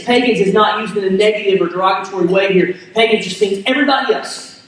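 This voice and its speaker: A man preaching a sermon as pastor, animated, repeating words and asking the crowd "right?". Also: high voice, fairly quick. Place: church hall. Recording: echoey hall, mic at a distance.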